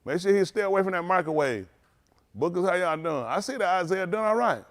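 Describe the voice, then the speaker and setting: A man pastor who jokes and banters with his livestream viewers by name, then teaches in an earnest, halting way. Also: sits high, animated, a bit bright. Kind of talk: livestream greeting and sermon.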